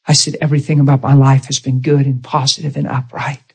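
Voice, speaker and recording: A man, a pastor, telling a personal testimony in a sermon, animated and leaping into high excited exclamations. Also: fast, gravelly, slightly rough. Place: church sanctuary.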